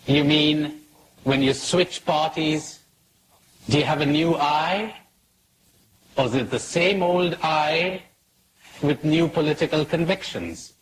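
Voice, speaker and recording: A man's voice: a little high, slow, long pauses, background noise. A man giving a reflective spiritual talk to an audience, asking questions and telling jokes. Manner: asks questions, tells jokes with acted quotes. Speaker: spiritual speaker.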